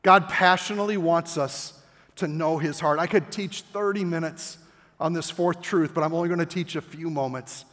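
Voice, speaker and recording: Impassioned older male preacher, high voice. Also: steady tone, normal speed. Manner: impassioned, rising to near-shouts at key points. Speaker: pastor. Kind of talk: sermon. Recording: long hall reverb with faint music.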